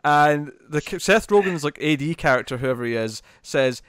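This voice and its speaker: A man hosting a casual podcast chat, who talks in an animated way and laughs often. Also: on the high side, moderate pace, clear, resonant tone, no echo, clean studio sound. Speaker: podcast host.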